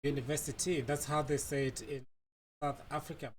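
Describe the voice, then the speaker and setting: A man's voice: on the high side, flat delivery, a little hiss or hum. Casual man from Botswana explaining. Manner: halting, many fillers and restarts. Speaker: language teacher.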